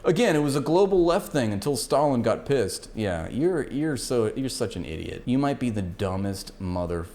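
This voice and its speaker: A young man giving a heated, combative rant, sarcastic and full of profanity. His voice sits in a medium pitch range. He sounds scornful and restless. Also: very animated, moderate pace, few pauses, a little mellow. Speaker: political commentator.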